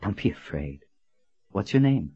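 A man voicing a composed, authoritative noblewoman in an audiobook, in a low-key voice close to his own. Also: measured pace, slightly rough, no echo, dull audio, full character voice. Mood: gentle. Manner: calm and authoritative. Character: composed noblewoman, commanding and gentle. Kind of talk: audiobook character voice.

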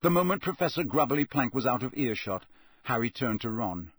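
A man reading a novel aloud as narrator, in a steady, measured storytelling voice that is slightly husky. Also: medium pitch, no room sound. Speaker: audiobook narrator.

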